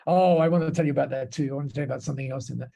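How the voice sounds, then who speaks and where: A man, a podcast guest, telling long anecdotes in an interview, with many restarts and quick laughs. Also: medium pitch, creaky, mellow.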